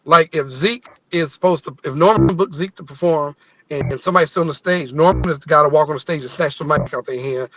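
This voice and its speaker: A man co-hosting a live show over a video call, telling stories in a casual, animated way that often trails off and restarts. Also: a little high, fast talker, lo-fi sound, noisy background. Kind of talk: casual chat.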